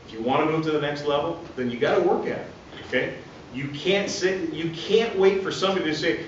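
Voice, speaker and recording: A man coaching a group of referees, speaking in short, punchy phrases and often ending with "okay?". He acts out calls and shouts in a louder voice. The sound is distant and dull, with heavy echo from a big hall. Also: a little high, a little fast, a little hiss or hum. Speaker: guest speaker at referee training. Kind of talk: coaching talk to an audience. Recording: echoey hall, distant lo-fi mic.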